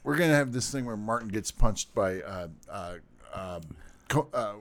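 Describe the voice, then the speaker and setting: Casting: man, mid pitch, animated, halting delivery, cross-talk behind. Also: crowd noise. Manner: hesitant, full of fillers, jokey. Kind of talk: casual chat.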